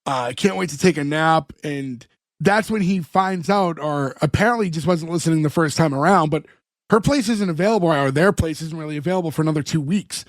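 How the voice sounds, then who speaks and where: On a clean studio recording with no room sound, a man with a voice on the high side talks fairly quickly. As a podcast co-host, he gives a lively, casual rundown of a sitcom episode and performs the quoted lines himself.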